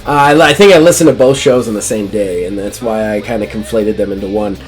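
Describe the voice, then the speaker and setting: A man's voice: on the low side, a little fast, soft background music. Chatty man running a tabletop game. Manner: chatty, apologetic, laughs often. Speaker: game master. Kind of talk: narrating a live-play tabletop game.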